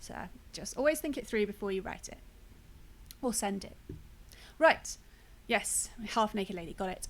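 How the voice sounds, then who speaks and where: A woman's voice: medium pitch, measured pace, pauses often, breathy edge. Woman streamer, casual gameplay chat, wry self-deprecating asides.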